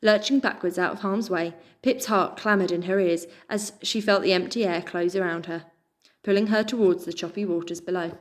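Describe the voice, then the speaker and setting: Woman reading a story aloud. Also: lowish voice. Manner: measured, expressive narration. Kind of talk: reading a children's book aloud.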